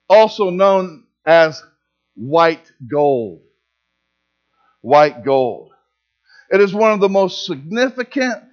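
A man with a high voice delivers a sermon to his congregation in church. He speaks emphatically, repeats key phrases and puts questions to the listeners. The recording is dull and lo-fi, with a steady mains hum underneath. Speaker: pastor. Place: church service.

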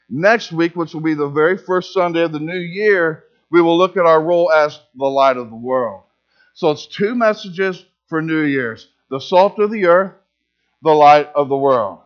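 A man with a high voice delivers a sermon to his congregation in church. He speaks emphatically, repeats key phrases and puts questions to the listeners. The recording is dull and lo-fi, with a steady mains hum underneath. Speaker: pastor. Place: church service.

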